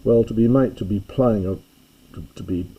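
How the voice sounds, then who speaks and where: An older man teaching a classics lesson, reading an ancient text line by line and explaining each word slowly and carefully. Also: fairly low pitch, muffled recording, a little hiss or hum.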